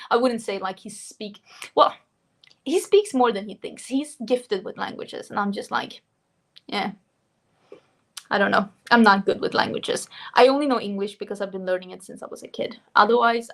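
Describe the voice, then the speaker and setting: Swedish-accented woman, young, casual livestream host, chatty, laughs often, slightly high voice. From Sweden. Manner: chatty, laughs often, reads out viewer comments. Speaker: beauty vlogger hosting a livestream.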